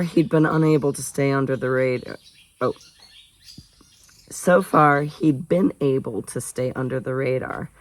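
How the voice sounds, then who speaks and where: Gravelly man casually reading a novel aloud. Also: mid-range voice, low-quality recording. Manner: chatty asides, jokes about own stumbles. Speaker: audiobook reader.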